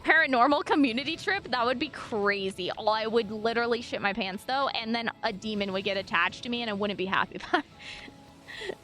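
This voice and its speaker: A young woman from the US Northwest, a streamer chatting casually with viewers, animated and chatty with lots of fillers and casual swearing. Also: fairly high pitch, a little fast, faint music behind. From US Northwest, raised in Washington and Montana. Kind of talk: casual chat with viewers while gaming.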